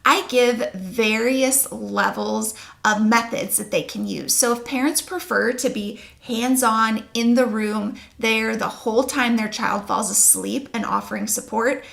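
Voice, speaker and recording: A woman's voice: a little high, fairly even intonation, measured pace, gravelly, hardly any pauses, a bit bright. A young adult woman working as a sleep consultant, giving earnest, reassuring parenting advice to camera. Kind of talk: talking-head advice video.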